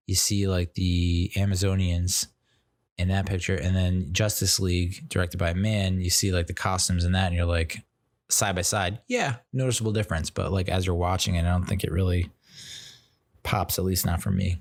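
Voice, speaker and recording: A young man with a deep, low-pitched voice chats casually about films. He rambles, stops and restarts sentences, and leans on fillers as he talks. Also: fairly even intonation, normal speed. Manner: rambling, filler-heavy, self-interrupting. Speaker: podcast host reviewing movies.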